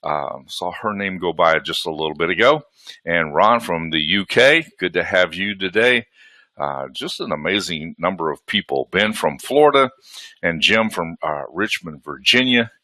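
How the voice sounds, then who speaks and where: A man's voice: low-pitched, lively intonation, moderate pace, bright, forceful tone, no echo. Folksy Southern man hosting a webinar. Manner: folksy, chatty, greets attendees by name. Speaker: webinar host. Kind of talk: casual live webinar hosting. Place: home.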